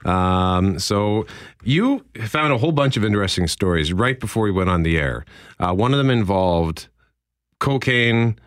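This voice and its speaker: A man's voice: on the low side, expressive, normal speed, no echo, clean studio sound. A man hosting a morning radio show, chatting casually with frequent fillers, restarts and laughs. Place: radio studio. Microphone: studio microphone.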